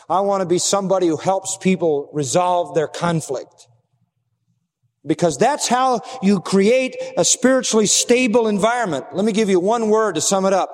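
A man's voice: high voice, a little mellow, in a large hall. A man preaching an expository sermon as a pastor, emphatic and repetitive, rising and falling for emphasis.

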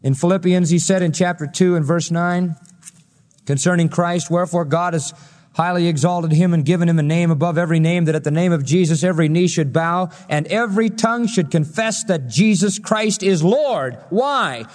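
A man's voice: a little high, normal speed, darkish tone. A man preaching a sermon as a pastor, with an emphatic delivery that swells and drops. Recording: long reverb of a hall.

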